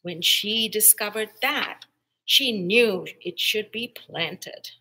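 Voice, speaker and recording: A woman librarian reading a picture-book story aloud to children, slow and expressive. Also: mid-range voice, husky, rough recording.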